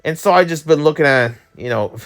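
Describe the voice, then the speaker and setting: A rambling, lively-voiced young man vlogging. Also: a little high, a little fast. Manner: rambling and candid, with frequent restarts and laughs; opinionated, blunt. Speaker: YouTube channel host. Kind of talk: casual news commentary.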